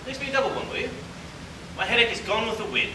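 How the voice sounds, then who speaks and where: A man's voice: very high-pitched, big pitch swings, fast talker, full character voice. A man acting in a community stage play, playing an acerbic, scheming older celebrity critic with a sardonic, theatrical manner. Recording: echoey hall from far off, noise.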